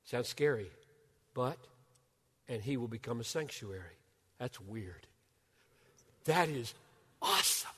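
An older man preaching a sermon as a pastor. He swings from loud, urgent bursts down to hushed near-whispers. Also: medium pitch, lively intonation, slow pace, long pauses, slightly rough. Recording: long hall reverb.

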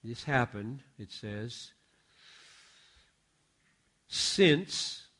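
A man preaching from a stage microphone in a large sanctuary. His voice sits at an ordinary male pitch. He moves between quiet, confiding asides and sudden loud, emphatic bursts. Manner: dynamic, swings from hushed asides to loud emphatic exclamations. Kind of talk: sermon.

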